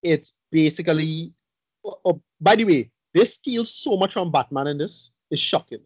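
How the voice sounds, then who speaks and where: A man's voice: on the high side, lively intonation, moderate pace, breathy edge, no echo. A man in casual podcast chat reviewing a movie, blunt, rambling and profane.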